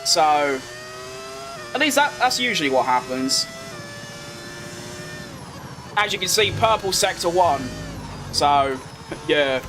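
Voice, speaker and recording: A man's voice: fairly high pitch, expressive, a little slow, pauses often, music in the background. A young man from London, with a London accent tinged with posh, chatting as he streams a racing game, answering chat with rambling asides. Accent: London English with a posh tinge. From England. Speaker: gaming streamer. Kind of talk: live racing game commentary.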